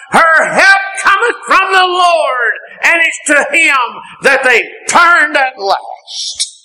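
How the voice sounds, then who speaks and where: An older man preaching a sermon, an impassioned delivery that climbs to shouts and then drops low. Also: very animated, slow pace, poor audio.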